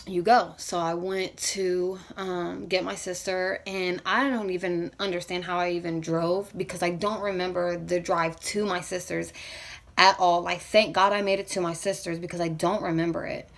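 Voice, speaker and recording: A woman's voice: lowish voice, flat delivery, normal speed, gravelly, a bit bright. A young woman in a personal vlog, her voice emotional and close to tears. She rambles, restarts and fills her story with casual fillers as she works through it. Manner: rambling, full of fillers like "you know what I mean". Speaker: vlogger.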